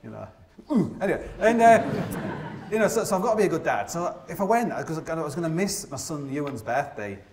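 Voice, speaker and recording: A man in his forties tells climbing stories on stage at a rapid clip, rambling, self-mocking and stumbling through restarts. His voice sits a little high and rings around the big, echoey theatre. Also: expressive, a crowd in the background. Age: 40s. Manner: rambling, self-deprecating, heavy with fillers. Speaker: mountaineer giving a live talk. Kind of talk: live comic storytelling to an audience. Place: opera house stage.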